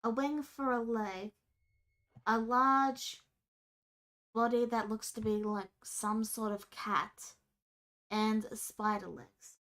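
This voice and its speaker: A woman runs a tabletop game, describing creatures and outcomes in casual narration. Her voice sits a little high. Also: fairly even intonation, slow, long pauses, fairly bright tone. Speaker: game master.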